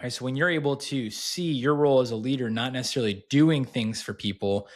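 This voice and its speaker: A man in his thirties co-hosts a casual podcast chat. His voice sits at an ordinary middle pitch, and he tells lively stories, often restarting his sentences as he goes. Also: brisk. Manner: animated storyteller, many restarts. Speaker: podcast co-host.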